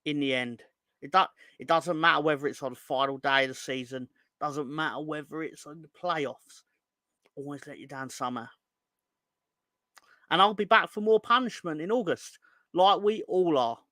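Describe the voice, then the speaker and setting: A man's voice: a little high, moderate pace, pushed and bright, no room sound, studio quality. Exasperated young man ranting. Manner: exasperated, sweary, rising into angry outbursts. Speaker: fan channel host. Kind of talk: ranting live stream chat.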